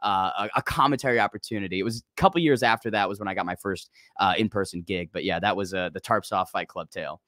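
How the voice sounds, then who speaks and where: A man in his twenties, a combat sports commentator, telling stories as a podcast guest in a lively, profane way. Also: low-pitched, quick pace, hardly any pauses, no echo, clean studio sound. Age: 20s. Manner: animated, swears freely, bursts loud when worked up. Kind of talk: casual storytelling chat.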